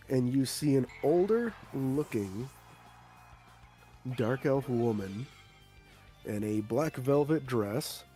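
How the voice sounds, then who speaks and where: Man narrating a tabletop game. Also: medium pitch. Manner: descriptive, steady storytelling. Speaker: game master.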